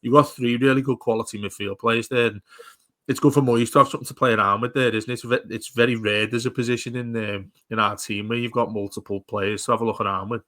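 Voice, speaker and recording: A man's voice: mid-range voice, fairly even intonation, quick pace, bright, forceful tone, dry recording. A man co-hosting a casual football podcast, enthusiastic and often restarting his words. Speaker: podcast co-host.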